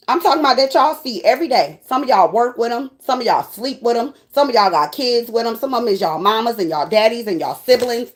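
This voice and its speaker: High-voiced woman preaching bluntly. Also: slight background noise. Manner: blunt, profane, preachy and animated. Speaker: tarot reader. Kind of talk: spiritual pep talk to viewers.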